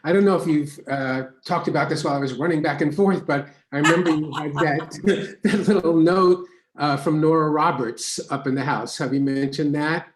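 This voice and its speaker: A man's voice: on the high side, normal speed, a little hiss or hum. A man interviewing his wife in a friendly, slightly hesitant way, laughing often, recorded in her home studio. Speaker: interviewer, author's husband. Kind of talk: casual conversation. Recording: roomy echo.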